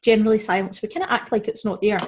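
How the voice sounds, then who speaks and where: A woman teaching a beginner Spanish lesson, explaining step by step, saying Spanish example words slowly and clearly, and often checking in with "okay?" and "right?". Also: medium pitch, fairly even intonation, a little mellow, a little hiss or hum. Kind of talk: recorded beginner language lesson.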